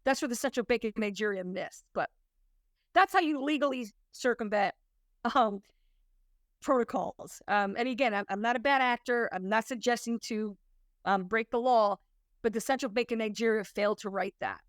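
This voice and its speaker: A woman's voice: a little high, moderate pace, no echo, clean studio sound. A woman working as a compliance consultant, talking to an audience in an emphatic, conversational storytelling way. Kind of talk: presentation to an audience.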